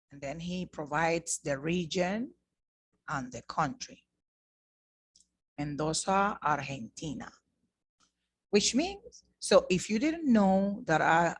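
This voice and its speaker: A woman's voice: fairly low pitch, no room sound. A woman teaching an online Spanish lesson, speaking patiently and repeating words to model their pronunciation. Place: class produced in the Bahamas.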